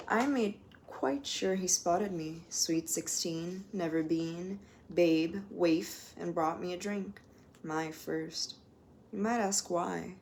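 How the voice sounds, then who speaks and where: A woman reading poems aloud at home in a measured way, lingering on single words. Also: fairly low pitch, a little mellow, slight background noise. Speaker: poetry reader.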